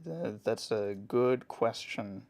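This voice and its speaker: A man casually answering chat questions while drawing on a live stream, relaxed and chatty. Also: medium pitch, slow pace, gravelly.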